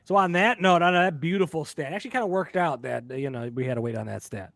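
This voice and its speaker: A man's voice: a little high, lively intonation, quick pace, creaky, a bit bright, no room sound. Jokey man hosting a sports podcast. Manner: jokey, upbeat emcee. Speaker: podcast host. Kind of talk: casual sports chat.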